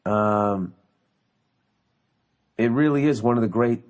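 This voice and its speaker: Speaking slowly at a medium pitch, a podcast host in his forties delivers a casual solo monologue. His story comes out heated and ranting, laced with profanity.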